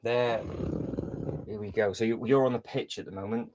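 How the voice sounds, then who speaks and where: Low-voiced man chatting on a livestream. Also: fairly even intonation, moderate pace, a little mellow, poor audio. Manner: rambling, thinking aloud, frequent restarts and fillers. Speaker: livestream host. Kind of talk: casual live-stream chat while building.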